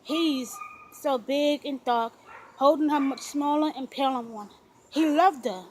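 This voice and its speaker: A woman reading a romance novel aloud as narrator in an unhurried, gentle storytelling manner. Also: high voice, steady tone, a little hiss or hum, poor audio. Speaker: audiobook narrator.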